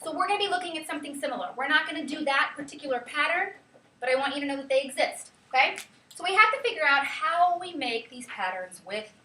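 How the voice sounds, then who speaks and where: A high, bright woman's voice leads a classroom lesson, lively and chatty. She keeps checking in with the class. The sound is roomy and distant, as if caught by a camera across the room. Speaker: teacher.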